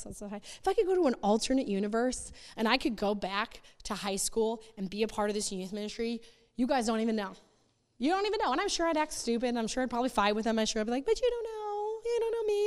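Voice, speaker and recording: A woman with a high voice speaks to a youth group in a loose, emphatic sermon. She hammers her points home with repetition and plays out little quoted voices. The sound rings in a long, echoey hall. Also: clean tone.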